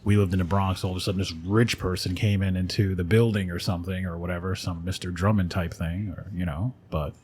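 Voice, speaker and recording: A man, an actor and voiceover artist, chatting as a guest in a radio studio in a relaxed, rambling way and laughing often. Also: sits low, brisk, hardly any pauses, a little hiss or hum. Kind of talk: casual conversation.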